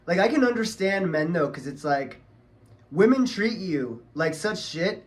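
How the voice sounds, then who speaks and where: A man ranting heatedly on his vlog, swearing a lot and talking in a casual, angry way. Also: fairly high pitch. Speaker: vlogger.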